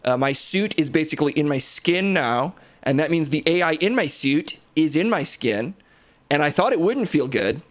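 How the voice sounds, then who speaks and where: A man's voice: a little high, expressive, moderate pace, lightly acted. A man voicing a brash, boastful reanimated superhero tech genius who brags crudely about himself. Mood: cocky. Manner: cocky, crude bragging. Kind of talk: improvised comedy impression.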